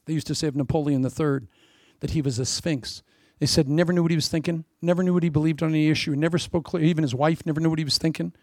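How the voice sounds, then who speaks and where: A man preaching a lively sermon with jokes, swinging between loud punchlines and soft asides. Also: a little high, quick pace, few pauses, dry recording, clean studio sound. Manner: animated, joking, often laughing, drops to soft asides.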